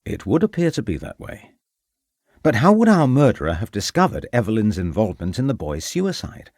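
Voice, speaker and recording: A man voicing a shrewd Victorian police inspector who questions people in a formal, measured way. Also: on the low side, huge pitch swings, a little mellow, no room sound, studio quality, full character voice.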